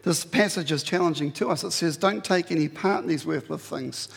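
A man preaches with a fairly high, gravelly voice that has a husky edge. He is earnest and pleading, and his pitch leaps up when he drives a point home. His words ring through a long hall reverb. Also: a little fast. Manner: earnest, pleading, rises sharply in pitch for emphasis. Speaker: pastor. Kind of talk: sermon.

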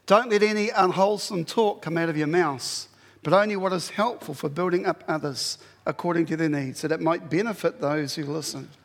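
A man's voice: on the high side, brisk, long reverb tail. A man preaching a sermon in a blunt, exhorting way, giving plain commands to his listeners.

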